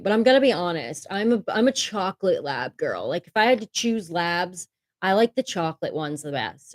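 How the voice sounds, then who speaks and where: A woman's voice: sits low, no room sound. Candid, chatty woman livestreaming from home. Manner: candid and chatty, swears casually, laughs often. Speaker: livestream host. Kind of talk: casual livestream chat. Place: home room. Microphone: desk microphone.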